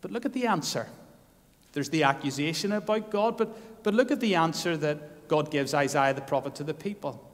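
A man preaching a sermon in a church, impassioned and building to loud, emphatic peaks. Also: a little high, expressive, moderate pace, big-room sound.

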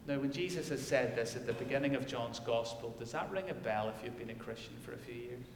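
A male pastor delivering a sermon and reading scripture, swinging from loud declarations to hushed emphasis. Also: mid-range voice, fast talker, background noise. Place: church. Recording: echoey church hall.

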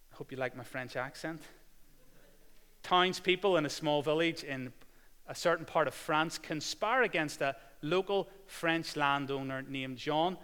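A man preaching a sermon, swinging between loud proclamation and hushed, intimate passages. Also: a little high. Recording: hall reverb.

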